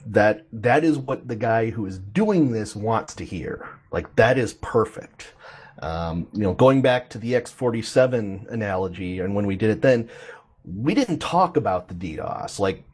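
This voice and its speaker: A man co-hosting a casual chat, explaining technical matters in a measured way with many hesitations. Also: fairly low pitch, lively intonation, darkish tone, breathy edge. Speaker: co-host.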